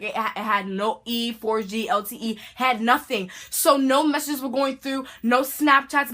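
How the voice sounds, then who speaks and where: A teenage girl vlogger telling a storytime tale in a dramatic, animated way, full of slang. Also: high voice. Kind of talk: storytime vlog.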